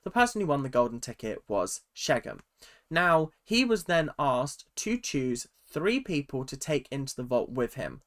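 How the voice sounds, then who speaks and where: A man's voice: sing-song, normal speed. Sarcastic ranting man. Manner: sarcastic, swears freely, acts out quotes in a higher voice. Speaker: reality TV recap vlogger. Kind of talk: casual ranting commentary.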